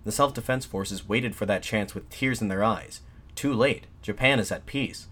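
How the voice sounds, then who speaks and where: A man voicing a defiant nationalist addressing soldiers from a balcony, in an impassioned, shouted pleading manner. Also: on the low side, normal speed, breathy edge. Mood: fervent, shouting.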